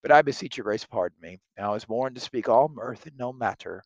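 A man reading aloud the part of a witty, sharp-tongued young noblewoman, lifting his voice a little for her lines. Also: medium pitch, animated, a little fast, no room sound, lo-fi sound. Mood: teasing.

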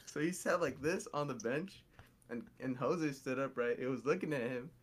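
A man co-hosting a casual podcast, telling stories in an animated, slangy way. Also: mid-range voice, normal speed, husky. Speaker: podcast co-host.

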